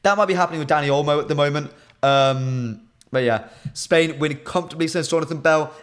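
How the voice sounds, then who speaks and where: A young man with a British accent hosts a live stream, talking casually and replying to comments from chat. His voice sits a bit high for a man, and he keeps up a lively, bantering flow. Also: fairly quick. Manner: animated, reads chat comments aloud and banters with viewers.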